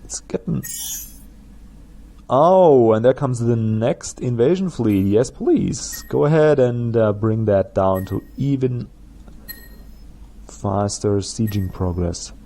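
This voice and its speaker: A man's voice: medium pitch, slow pace, mellow. A man with a German accent, a native German speaker, chatting through gameplay commentary as a let's play host and laughing at his own jokes.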